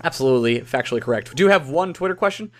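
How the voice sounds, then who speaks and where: A man co-hosting a casual sports podcast, jokey and animated, tripping over names now and then. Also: medium pitch, very fast. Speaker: podcast co-host.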